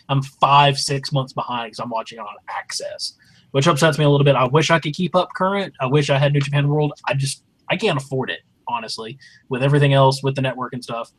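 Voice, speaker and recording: A male co-host of a wrestling review, chatting casually in a relaxed, agreeable but opinionated way. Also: a little high, low-quality recording. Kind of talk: casual chat.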